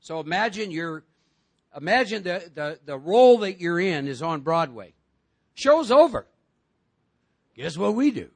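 A man with a high, gravelly voice talks to a recovery group in a lively, joking way. He acts out other voices and pulls the room along with questions. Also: a little slow, long pauses. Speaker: recovery meeting speaker.

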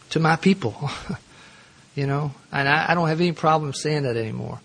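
A man's voice: on the high side, gravelly, husky. A middle-aged man speaking at a recovery meeting, telling his own story in an earnest, self-mocking way and laughing often. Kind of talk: personal storytelling talk.

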